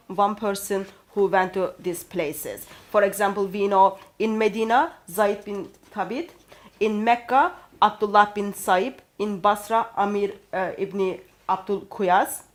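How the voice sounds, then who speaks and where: Turkish woman, non-native English, mid-pitched, careful and halting. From Turkey. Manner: hesitant, careful, frequent ums and self-corrections. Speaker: co-host. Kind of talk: apologetics discussion.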